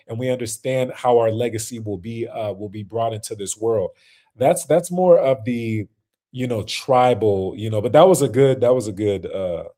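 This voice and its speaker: A man's voice: mid-range voice, warm tone. A man hosting a casual reaction stream, talking loosely with lots of slang and fillers and laughing often.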